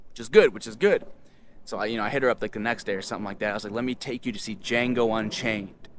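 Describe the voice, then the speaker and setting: A young man telling a personal story casually, full of filler words and slang, swinging between low mumbled asides and loud excited outbursts. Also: quick pace, a little hiss or hum. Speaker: host.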